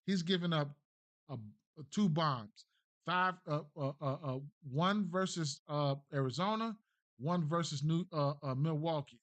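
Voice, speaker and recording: A slightly high-voiced man talks through bets in a loose, slangy way, repeating himself and tagging lines with "right?". He sounds close to the mic with no room sound around him. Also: no room sound. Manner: thinks aloud, trails off and restarts. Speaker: sports betting host. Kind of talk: casual betting breakdown.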